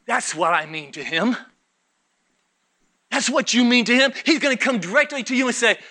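A middle-aged male pastor preaching a fiery sermon, swinging from shouts to low, intense murmurs and mocking the voices of churchgoers. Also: expressive, normal speed, pauses often. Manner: acts out congregation voices mockingly.

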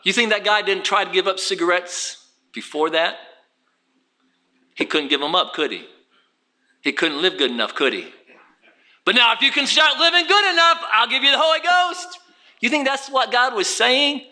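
A man preaching a fervent sermon, dropping low and then rising to shouts. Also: sing-song, normal speed, long pauses. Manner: fervent, swings from quiet to shouting.

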